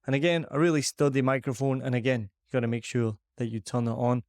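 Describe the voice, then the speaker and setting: A Scottish man talks fast in a mid-range, slightly mellow voice with little pitch movement, upbeat and chatty and self-deprecating as he reviews a microphone on his podcast. The sound is clean and studio-like, with no room sound. He's in a large, empty living room with shiny surfaces, using a boom-arm dynamic mic.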